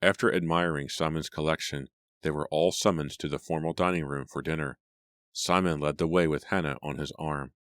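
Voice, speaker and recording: Very deep male audiobook narrator. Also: no room sound, studio quality. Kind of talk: scripted narration.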